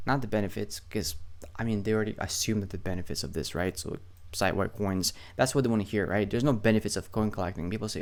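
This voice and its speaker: A young man with a somewhat low voice walks through email marketing in a casual screen-share lesson. He talks loosely and swears for emphasis. He keeps asking his viewers "right?" as he goes. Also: fast talker.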